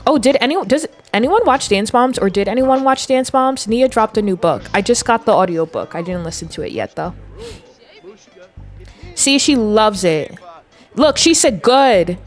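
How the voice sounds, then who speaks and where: A woman's voice: a little high, expressive, normal speed, faint music behind. A woman in her twenties giving chatty, giggly live commentary as she plays a game and talks to her viewers. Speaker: game streamer. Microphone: desk mic.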